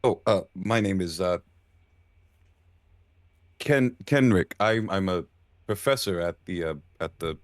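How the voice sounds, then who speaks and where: A man voicing a flustered male professor who stammers and apologizes while flattering a lady. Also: deep voice, unhurried, pauses often, no echo, clean studio sound.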